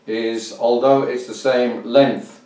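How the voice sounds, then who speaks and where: As a teacher, a man explains and demonstrates fiddle bowing, counting beats aloud and humming rhythms in an instructional explanation. His mid-range voice is warm and steady and slow-paced, captured on a roomy, distant mic with fiddle playing.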